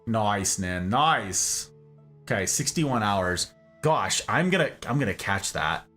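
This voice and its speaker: A man streaming a game and chatting with his viewers in a playful, animated way. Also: fairly low pitch, slow pace, soft background music. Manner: playful, animated, given to jokes. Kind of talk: casual live-stream chat.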